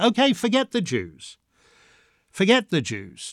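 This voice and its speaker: Fiery man host, lively swooping voice. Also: high-pitched, measured pace, no room sound, studio quality. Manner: emphatic, indignant, sardonic with colloquial swearing. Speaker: host of a listener Q&A show. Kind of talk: live call-in commentary, reading listener questions.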